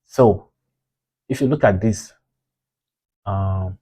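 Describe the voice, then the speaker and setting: A man's voice: fairly low pitch, very slow, mellow, breathy edge. A man reviewing his own trades in a casual, rambling way, frustrated and scolding himself for his mistakes.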